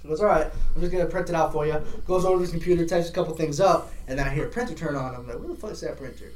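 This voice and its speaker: A man's voice: a little high, rapid-fire. Laughing young man telling stories, roomy. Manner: laughing storyteller, loose and profane. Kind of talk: casual podcast chat.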